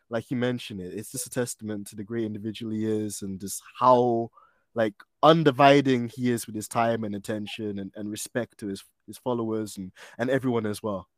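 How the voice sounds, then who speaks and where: A man's voice: mid-range voice, no echo. Effusive male podcast host, dry sound. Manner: effusive, drifts quiet at phrase ends. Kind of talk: casual interview chat.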